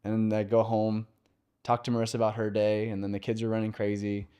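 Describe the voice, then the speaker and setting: Low, smooth-voiced man telling his story. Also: completely flat delivery, dark tone, dull audio. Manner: open and conversational, with filler pauses. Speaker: podcast guest, mortgage lender. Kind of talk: candid personal storytelling.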